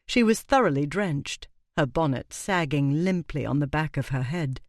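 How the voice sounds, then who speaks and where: Male audiobook narrator, expressive, animated delivery in a dead-dry booth. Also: on the high side, moderate pace, no room sound. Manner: expressive storytelling with character voices.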